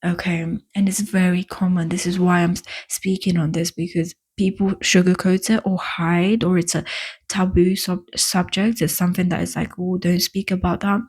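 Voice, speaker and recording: A woman whose first language is not English, talking to camera in a casual self-help vlog, earnest and affectionate, with halting restarts and drawn-out emphatic words. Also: on the low side, steady tone, darkish tone, slightly rough. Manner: earnest, affectionate, addresses viewers as "my love" and "baby". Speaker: vlogger.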